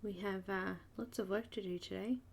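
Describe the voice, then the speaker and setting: A woman hosting a live coloring stream, slightly croaky, chatty and greeting viewers by name with frequent laughs. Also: medium pitch, steady tone, moderate pace, slight background noise. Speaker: art channel host.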